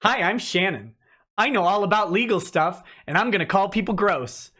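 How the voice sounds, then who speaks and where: A man's voice: sits high, expressive, moderate pace, sharp tone, pitched below the performer's own voice, full character voice. A man mocking a smug self-declared legal expert.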